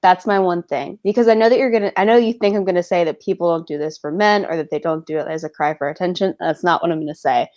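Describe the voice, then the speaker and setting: A woman's voice: lowish voice, quick pace, few pauses, a little mellow. A woman in a casual podcast chat, talking in a chatty, emphatic way full of fillers.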